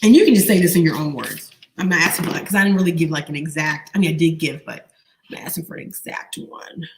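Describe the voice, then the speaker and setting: Animated woman coaching a live class. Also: low voice, fast, slight background noise. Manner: animated, repetitive call-and-response questioning. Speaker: online business coach. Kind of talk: live online training, quizzing viewers.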